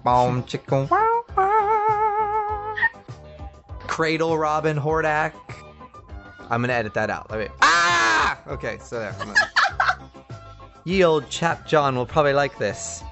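A man's voice: mid-range voice, moderate pace, long pauses, over music. A man co-hosting a podcast in casual chat, joking around and laughing often. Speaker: podcast co-host.

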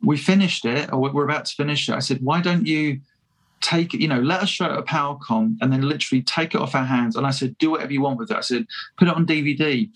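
A man talks through a long story in a relaxed interview, husky and a little breathy. His pitch sits in an ordinary middle range. He rambles with lots of false starts and quick chuckles. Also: rough recording. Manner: chatty, self-deprecating, laughs often, many restarts. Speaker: fan filmmaker guest.

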